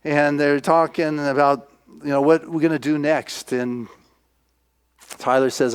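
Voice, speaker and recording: Animated minister retelling a film. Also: male voice, on the high side, measured pace, pauses often, smooth. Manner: animated storyteller acting out voices.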